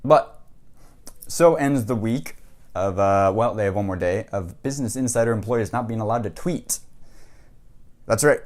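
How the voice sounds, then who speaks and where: Low-voiced man rambling wryly. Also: darkish tone. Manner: rambling, wry, lots of fillers. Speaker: journalist vlogger. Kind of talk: casual to-camera commentary.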